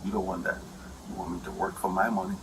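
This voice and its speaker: A low-voiced man talks fast and rambles, aggrieved and repetitive as he explains his side to an officer. His voice has a gravelly rasp. The audio is noisy, like body-camera sound inside a house. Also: steady tone. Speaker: husband explaining a domestic dispute. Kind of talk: heated complaint to an officer. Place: indoors at a house.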